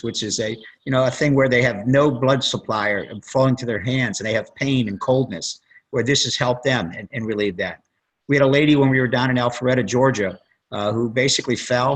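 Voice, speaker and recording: A man's voice: medium pitch, fairly bright tone, husky, poor audio. A man, a plastic surgeon guest on a conference call, telling rambling stories and acting out what people said. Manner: rambling storyteller, acts out quotes.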